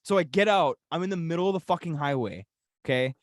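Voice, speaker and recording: A man's voice: fairly high pitch, animated, quick pace. A young man with an Upper Peninsula Michigan accent telling a story animatedly, swearing often, as a podcast co-host. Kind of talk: casual storytelling.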